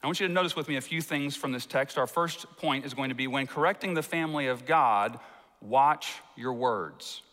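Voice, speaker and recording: A man preaches a sermon in a folksy, storytelling way, his voice bright and forceful. He builds up his anecdotes with lively energy before settling into teaching. The sound carries the long reverb of a large hall. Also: mid-range voice, normal speed. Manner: folksy storytelling, animated when telling anecdotes. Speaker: pastor.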